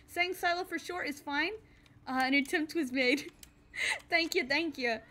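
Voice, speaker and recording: A woman's voice: high voice, unhurried, sharp tone. A woman streamer chatting casually while she plays a game, laughing often and restarting her sentences, her voice a little off today. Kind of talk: casual live-stream chat while gaming.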